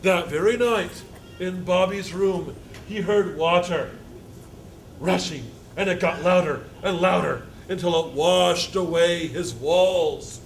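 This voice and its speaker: A man, a university instructor, reading a picture book aloud to a live audience, halting with fillers and joking asides. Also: high voice, creaky, slight background noise.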